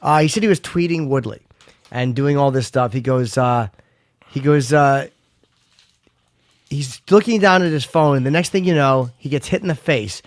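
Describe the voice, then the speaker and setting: A man's voice: mid-range voice, moderate pace, dry recording. A man co-hosting a casual chat show, retelling a story with heat and plenty of swearing. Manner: heated, profane retelling, quotes others. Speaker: podcast co-host.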